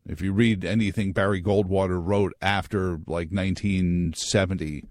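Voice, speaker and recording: Man, talk radio host, low voice, dry close studio sound, wry and joking, wanders off on tangents. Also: fairly even intonation, normal speed, a little mellow, no room sound.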